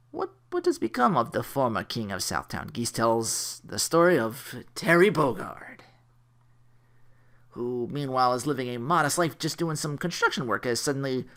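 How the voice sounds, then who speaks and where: A man reviews an old cartoon in a loose, joking ramble, his pitch swinging up and down as he gets into it. He corrects himself mid-sentence and laughs at his own jokes. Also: a bit bright. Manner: rambling, jokey, self-correcting, laughs often. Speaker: anime reviewer. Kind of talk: casual review commentary.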